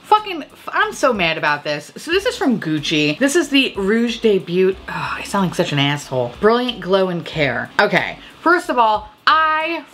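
Animated, foul-mouthed woman gushing about makeup. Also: mid-range voice, moderate pace, hardly any pauses, a little hiss or hum. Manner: animated, swearing, laughing, drinking. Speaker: beauty video host. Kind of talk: casual, profane makeup chat.

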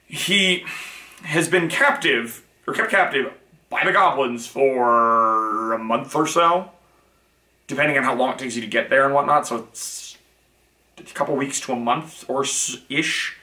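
A man with a mid-range, bright, forceful voice hosts his channel from an echoey room. His casual monologue wanders, stays blunt, and is full of self-corrections.

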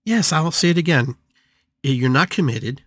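Older guy doing a live podcast talk, animated, repeats himself a lot, pitch jumping all over, dry sound. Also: measured pace, breathy edge, no echo. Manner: animated, repeats phrases, wide pitch swings. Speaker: podcast host and shamanic healer.

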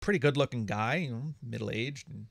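A man's voice: mid-range voice, moderate pace, vocal fry, no echo. A man hosting a casual monologue from his home studio, blunt and profane, often laughing. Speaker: podcast host.

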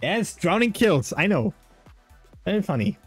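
A man's voice: high voice, sing-song, a little slow, breathy edge, soft background music. Playful German-accented male streamer. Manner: playful, rambling, jokey banter with chat. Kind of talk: casual gaming livestream chat.

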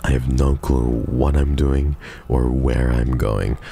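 A man's voice: rumbling low, fairly even intonation, takes it slowly, gravelly, warm tone, a little hiss or hum. A man streaming a game live, chatting casually with his viewers, swearing and joking.

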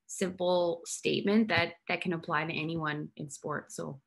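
A woman's voice: low voice, steady tone, moderate pace, creaky. A woman hosting an interview over a video call. She asks her questions enthusiastically, with fillers and hesitant phrasing. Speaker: host.

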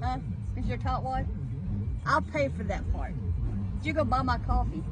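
A woman's voice: sits high, expressive, moderate pace. A woman in her car at a drive-thru, chatting playfully with her dog in a teasing sing-song way. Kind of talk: casual chat to her dog. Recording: loud music playing behind.

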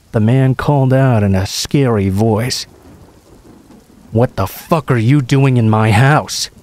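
A man narrating true horror stories in a steady, casual first-person telling. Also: mid-range voice. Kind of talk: reading true scary stories aloud.

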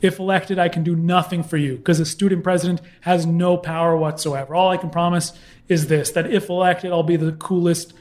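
Man, guest storyteller, animated, voices the people in his story, slightly high voice. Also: a little fast. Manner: animated anecdote with mimicked voices. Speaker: guest, comedy historian. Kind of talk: casual storytelling.

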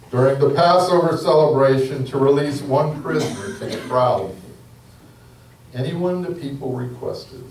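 A man leading a church service as pastor, making slow, deliberate declarations and retelling a scripture story as a sermon. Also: mid-range voice, a little mellow, a little hiss or hum. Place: church hall. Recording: roomy hall from a distance.

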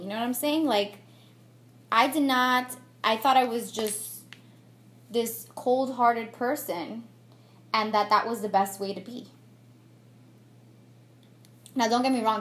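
A woman's voice: fairly high pitch, steady tone, a little slow, long pauses. A young woman vlogging while she does her makeup, talking candidly and reflectively with many fillers and restarts. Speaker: beauty vlogger. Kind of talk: get-ready-with-me chat. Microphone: camera mic on a tripod.

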